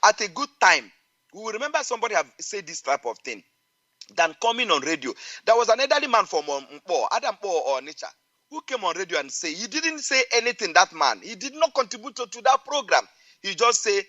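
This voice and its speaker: A man's voice: high voice, big pitch swings, brisk, sharp tone. A man calling in to a radio show, speaking in an emphatic, repetitive, preaching way over a phone line. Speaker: caller. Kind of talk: call-in radio talk.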